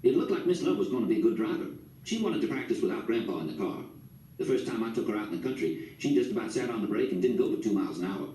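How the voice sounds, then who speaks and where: A man narrates a story in the first person with a folksy storytelling manner. His voice is mellow and lively in pitch. It sounds set back from the mic in a roomy space. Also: fast talker, far from the mic. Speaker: audiobook narrator.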